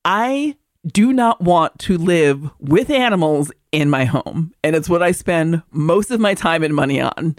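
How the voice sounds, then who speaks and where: A woman co-hosting a podcast, telling a lively story in casual chat and acting out her cat's thoughts in little voices. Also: low-pitched, measured pace, dry recording, studio quality. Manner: animated storyteller, acts out her cat. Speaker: podcast co-host. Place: converted barn in the country.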